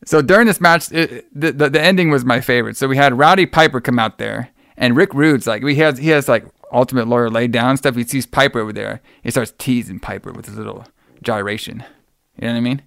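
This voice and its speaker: Man hosting a podcast, rambling, enthusiastic, swears a lot, mid-pitched, dry recording. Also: fast, creaky, fairly bright tone, no room sound. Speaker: podcast host. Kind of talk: casual chat.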